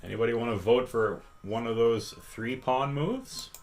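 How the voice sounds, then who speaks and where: A man's voice: mid-range voice, soft background music. A man teaching chess on a live stream, patiently reading out viewers' votes and inviting them to join in. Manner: slow, patient, reads out chat votes. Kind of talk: interactive live-stream lesson.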